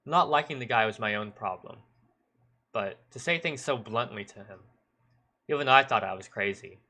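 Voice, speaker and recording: A man with a bright, sharp timbre reads a story aloud in measured first-person narration. He now and then stumbles and corrects himself. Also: mid-range voice. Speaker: streamer. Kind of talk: reading a visual novel aloud.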